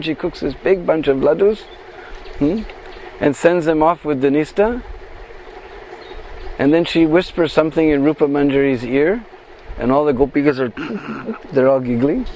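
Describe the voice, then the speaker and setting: High-voiced male devotional storyteller. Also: moderate pace, pauses often, slight background noise. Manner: expressive, dramatic, acts out voices.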